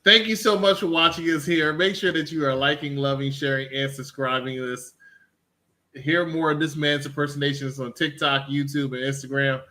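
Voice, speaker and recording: Bright-voiced, teasing male show host. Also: fairly high pitch, steady tone, normal speed. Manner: amused, teasing, laughing. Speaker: host of a wrestling review show. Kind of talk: casual chat with show sign-off.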